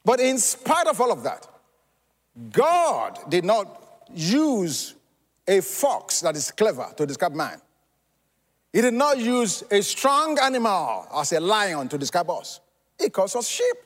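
A man preaching a Sunday sermon, with dramatic pauses, repetition and questions to the congregation. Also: high-pitched, sing-song. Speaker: pastor. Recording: long hall reverb.

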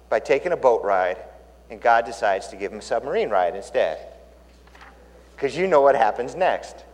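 A man preaching a sermon, telling the story with animated storytelling and acting out the characters' lines. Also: mid-range voice. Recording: long reverb of a large hall.

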